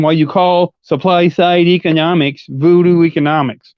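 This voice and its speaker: A man's voice: a little high, fairly even intonation, normal speed, few pauses, clean tone, no echo. Profane combative man, muffled dry audio. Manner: argumentative, mocking. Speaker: livestream commentator. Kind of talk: live-stream rant.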